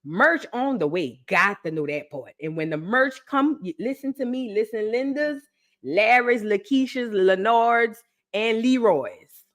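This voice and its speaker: A young woman chatting excitedly with her viewers on a live stream, repeating phrases for emphasis. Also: fairly high pitch, a little slow. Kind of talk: casual live-stream chat.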